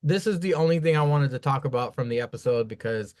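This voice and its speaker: A man co-hosting a casual wrestling review podcast, talking in a profane, animated, rambling way. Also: mid-range voice, fast talker. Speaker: podcast co-host.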